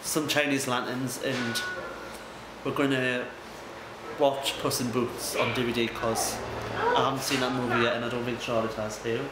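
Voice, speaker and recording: A man's voice: medium pitch, flat delivery, moderate pace. A young man from the UK chatting casually to viewers in a jokey vlog, outdoors at night. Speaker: vlogger. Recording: loud outdoor background noise. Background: traffic and outdoor noise.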